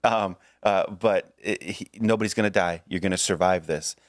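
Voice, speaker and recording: Deep-ish guy on a podcast, earnest and reassuring, cracks jokes, dry close mic. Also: moderate pace, no room sound. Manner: earnest, reassuring, jokey asides. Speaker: podcast co-host. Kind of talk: casual chat.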